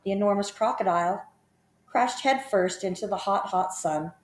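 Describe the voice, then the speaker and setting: In a recording with noticeable room echo, a woman with a mid-range voice tells a children's story. Her reading is measured and expressive, in the manner of a storyteller.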